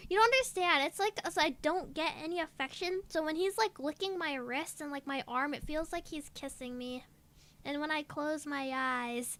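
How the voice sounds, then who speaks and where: Very high, bright-voiced giggly young woman. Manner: giggly and gushing, drawn-out exclamations. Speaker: VTuber streamer. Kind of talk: casual live-stream chat.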